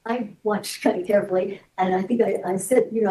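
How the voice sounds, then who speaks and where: A woman testifying as a witness in court, answering in halting, hesitant phrases. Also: medium pitch, fairly even intonation, warm tone. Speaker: expert witness. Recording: distant courtroom audio.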